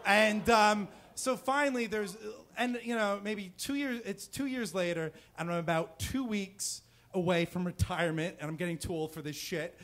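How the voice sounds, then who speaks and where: A man's voice: high-pitched, normal speed, fairly bright tone. A man in his thirties from New Jersey telling a personal story live on stage, casual and rambling, with lots of fillers and restarts. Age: 30s. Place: stage before a live audience.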